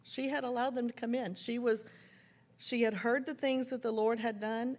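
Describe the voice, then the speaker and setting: A woman preaching at a church women's conference, reading scripture and telling stories with animated laughter. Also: on the high side, creaky. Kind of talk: sermon with scripture reading and storytelling.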